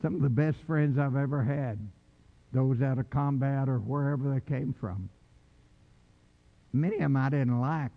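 An older man preaching a sermon with fervor, swinging from low quiet lines to shouted calls. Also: normal speed, vocal fry, pauses often. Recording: muffled, echoey hall.

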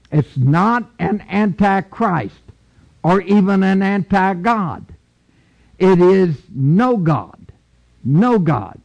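A man preaching a sermon slowly and emphatically, repeating key phrases and booming when he reads scripture aloud. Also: creaky, a little mellow, lo-fi sound.

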